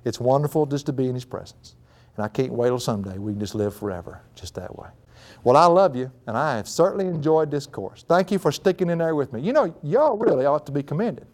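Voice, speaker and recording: A middle-aged man delivers a folksy sermon to a live audience. He moves from hushed, earnest lines to sudden bright, high-pitched excitement, with a lot of chuckling. His voice sits at a mid pitch in his calm stretches. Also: quick pace. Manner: folksy and animated, laughing often, rising high in excitement. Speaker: preacher. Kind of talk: sermon with personal story.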